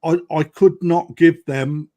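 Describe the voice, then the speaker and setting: A man's voice: on the high side, steady tone, takes it slowly, warm tone. A man, a koi dealer, talking bluntly on a live-stream chat and tagging points with "right?". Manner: blunt, emphatic, keeps adding "right?".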